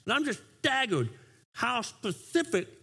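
A man preaching a sermon as pastor, animated and often restarting with repeated words. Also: extremely high pitch, unhurried, vocal fry, husky.

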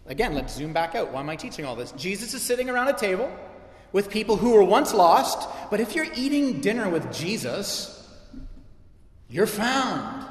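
A middle-aged man preaching to his church, conversational yet impassioned, driving points home with repetition. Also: high voice. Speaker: pastor. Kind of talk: sermon. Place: church sanctuary. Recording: echoey hall with long reverb.

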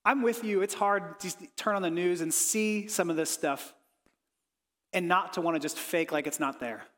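A man with a notably high voice delivers an earnest sermon. He sinks to a soft hush on reflective lines and rises when he voices pleading prayers. The sound trails off in a long reverberant tail, as in a church sanctuary. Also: moderate pace. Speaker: pastor.

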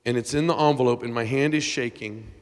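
Emotional preacher in a reverberant hall. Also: male voice, medium pitch, brisk. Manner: emotional, swings from hushed to shouting. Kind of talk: sermon storytelling.

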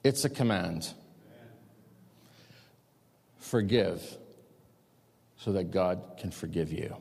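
A man's voice: deep voice, expressive, takes it slowly, creaky, a little mellow, slightly rough. A male pastor preaching a sermon, emphatic and repetitive with rising outbursts. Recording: long reverb of a large hall.

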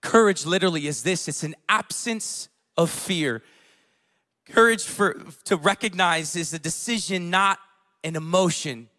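Male pastor, thirties, high-pitched voice, casual conversational sermon that moves between quiet and loud. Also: a little slow. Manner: casual storytelling with fillers, swinging between hushed and loud.

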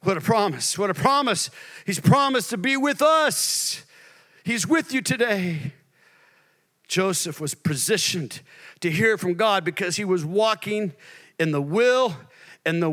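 A male pastor preaching a sermon, moving between hushed near-whispers and loud, shouted passages. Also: high-pitched, expressive, slow pace.

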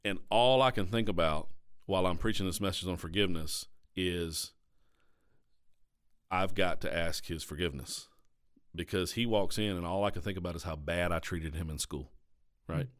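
A deep-voiced man with a Southern American accent, speaking as a pastor on a podcast. He talks in an earnest, confessional way, casual and conversational, and keeps tagging his points with a quick question to his listener. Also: fairly bright tone.

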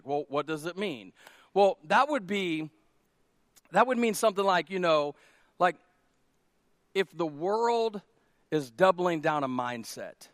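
A man pastor preaching a sermon to his church in a loose, conversational way, making jokes and then hammering key lines by repeating them louder. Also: fairly high pitch, no room sound, clean studio sound. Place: church sanctuary.

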